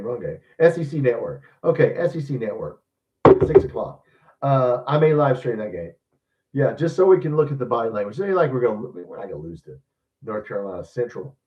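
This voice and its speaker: Brief: gruff man in his 60s, sports stream host, blunt, somewhat off-mic, muffled. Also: mid-range voice. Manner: blunt and grumbling, swears casually. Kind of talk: casual live stream chat, reading viewer comments. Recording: dull distant mic sound.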